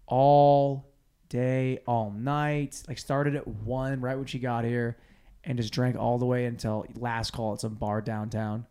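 A man's voice: medium pitch, flat delivery, slow, dark tone, smooth. A man hosting a podcast, telling a boozy night-out story in casual, profane chat, acting out quotes. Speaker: podcast host.

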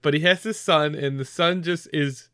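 A man's voice: fairly high pitch, steady tone, moderate pace, pushed and bright, clean tone, no room sound, studio quality. A man co-hosting a casual movie recap chat, rambling with lots of fillers and frequent giggles. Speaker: podcast co-host.

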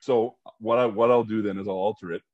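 A man's voice: lowish voice, fairly even intonation, no room sound. A man co-hosting a podcast in casual, easygoing banter. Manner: easygoing, lots of quick agreement. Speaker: podcast co-host. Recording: dry, dull lo-fi sound.

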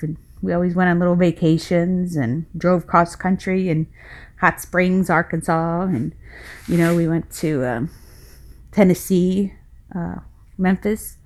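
Breathless, passionate middle-aged woman podcaster. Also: fairly low pitch. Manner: passionate, rambling, folksy, with frequent laughs. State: a little out of breath. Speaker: podcast host. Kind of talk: casual personal podcast monologue.

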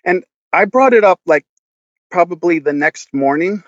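A man guest on a podcast, telling a story in a casual, profane, animated way with lots of fillers and restarts. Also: high-pitched, normal speed, no echo, highs cut off.

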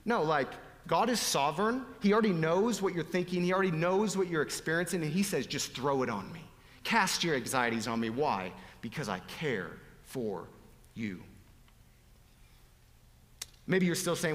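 A man preaching a sermon, dropping to hushed whispers and rising to loud, pleading appeals. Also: on the high side, animated, a little slow. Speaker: pastor. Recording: long hall reverb.

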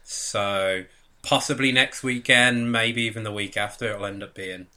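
A man's voice: on the low side, fairly even intonation, measured pace, bright, forceful tone. A man hosting a podcast, chatting in a rambling, talkative way and laughing easily. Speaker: podcast host. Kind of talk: casual chat.

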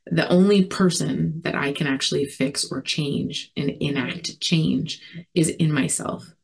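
A woman giving a personal recovery share, earnest and reflective, talking in a halting way with many fillers and restarts. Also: sits low, vocal fry, husky. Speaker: recovery community speaker.

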